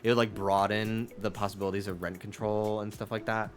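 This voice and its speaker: A man's voice: fairly low pitch, a little fast, music in the background. A man streaming a game who chats casually and rants with plenty of swearing. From United States. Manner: ranting, profane, animated. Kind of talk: casual chat while gaming.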